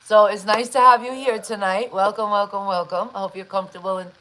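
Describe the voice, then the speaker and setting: A woman's voice: mid-range voice, steady tone, fairly quick, slight background noise, rough recording. Chatty woman hosting a live interview. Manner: chatty, enthusiastic, many shout-outs. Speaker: interview host.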